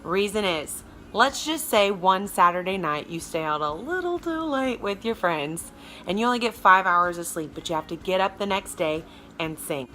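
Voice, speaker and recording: A woman vocal coach with a Southern American accent and a low alto speaking voice, giving a chatty, emphatic lesson straight to her viewers. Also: animated, normal speed, pushed and bright, a little hiss or hum. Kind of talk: casual video lesson.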